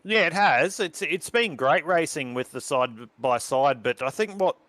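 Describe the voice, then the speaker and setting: A man calling a sim race with a slightly high voice. He talks along steadily and then climbs in pitch and volume when the cars go side by side. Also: unhurried, no echo. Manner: gets loud and excited in close battles. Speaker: race commentator. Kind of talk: sim racing commentary.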